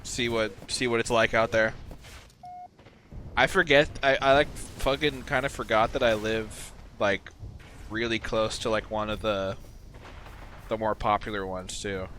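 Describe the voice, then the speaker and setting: A man's voice: on the low side, fairly even intonation, unhurried, long pauses, a bit bright. A young man in casual chat while gaming, rambling with lots of fillers and restarts. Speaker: podcast co-host and gamer. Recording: game sound noise behind. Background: video game gunfire.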